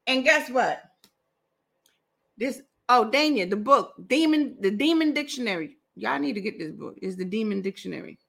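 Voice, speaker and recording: A woman's voice: fairly high pitch, animated, moderate pace, vocal fry, fairly bright tone. A woman hosting a podcast, giving sarcastic, mocking commentary on a book she reads from and often laughing at her own jokes. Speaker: podcast host.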